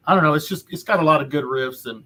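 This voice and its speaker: A man's voice: fairly high pitch, quick pace, pushed and bright. A man from Texas hosting a podcast, chatting casually in a loose, profane, rambling way with lots of restarts. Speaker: podcast host. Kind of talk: casual chat.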